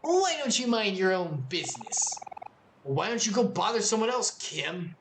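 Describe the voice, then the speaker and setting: A woman voicing a mean teenage boy bully, low and sneering, in a game playthrough. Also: big pitch swings, normal speed, noisy background, close to an everyday voice.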